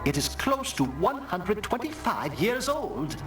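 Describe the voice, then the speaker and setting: An actor playing a learned expert reading out a formal report in a video game. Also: male voice, high voice, very animated, unhurried. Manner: formal, precise reading of a letter. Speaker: scholar reporting a cloth analysis. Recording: roomy, distant game audio with music. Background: game music.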